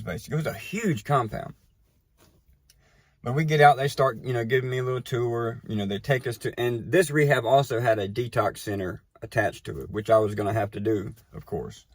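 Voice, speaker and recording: A man casually telling a personal story, animated and conversational, often checking in with the listener. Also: medium pitch, dry recording. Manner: animated, tags lines with "right?" and "you know". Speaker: recovery storyteller.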